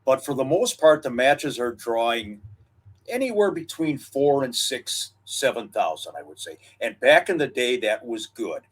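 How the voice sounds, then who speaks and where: An older man co-hosting a wrestling history podcast, reminiscing in a relaxed storytelling manner with frequent fillers. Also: mid-range voice, measured pace, husky. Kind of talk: casual historical chat.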